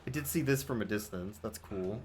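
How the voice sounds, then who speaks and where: A man's voice: lowish voice, brisk, darkish tone, slight background noise. A man streaming a video game, chatting casually with his viewers, swearing and laughing, and cooing at his cat. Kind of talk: casual gameplay commentary.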